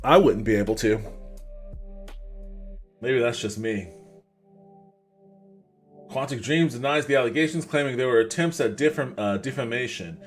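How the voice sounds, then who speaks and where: A man's voice: medium pitch, moderate pace, long pauses, faint music behind. Casual wry male podcast host. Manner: casual and wry, stumbles over names and restarts. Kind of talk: livestream podcast, reading articles aloud with commentary.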